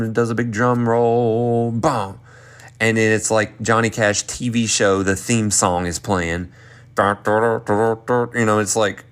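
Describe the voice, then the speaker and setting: A man in his thirties from North Carolina with a Southern accent, excitedly telling a rambling story. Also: on the low side. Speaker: performer and vlogger. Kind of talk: casual storytelling recap.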